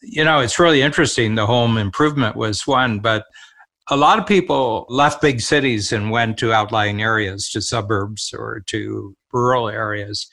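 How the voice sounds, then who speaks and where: A man's voice: lowish voice, moderate pace, vocal fry, bright, forceful tone. An older man, a co-host, talking in a reflective, storytelling manner in a casual conversation.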